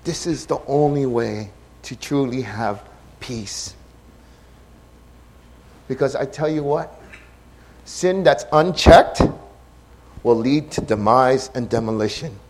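A man's voice: medium pitch, takes it slowly, pauses often. Impassioned male pastor preaching. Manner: impassioned, shifts between hushed and loud. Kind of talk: sermon.

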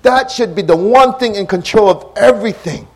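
A man preaching a sermon as pastor, impassioned, shifting between hushed and loud delivery. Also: high-pitched, moderate pace, breathy edge.

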